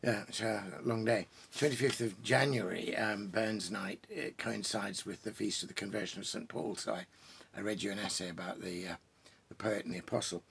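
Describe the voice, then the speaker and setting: A man with a gravelly, slightly husky voice talks casually from a home study full of bookshelves. He rambles as a poet introducing readings, breaking off, restarting and adding asides. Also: on the low side, fairly bright tone. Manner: pausing for pipe and drinks while talking. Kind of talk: casual chat introducing poems.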